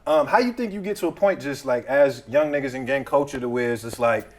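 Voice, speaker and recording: Fast-talking casual male interviewer. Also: mid-range voice. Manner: loose, filler-heavy questioning. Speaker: interview host.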